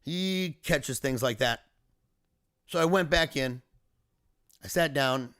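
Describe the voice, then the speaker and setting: A man's voice: mid-range voice, slow pace, a bit bright, dry recording, studio quality. A man speaking earnestly and emotionally in a personal video diary, recounting a family emergency as a father. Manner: earnest, emotional, reflective storytelling.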